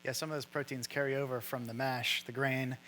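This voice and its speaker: A man's voice: medium pitch, little pitch movement, brisk, sharp tone, a little hiss or hum, low-quality recording. A man who works as a brewer, explaining steps in casual talk with jokey asides. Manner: jokey asides, laughs easily.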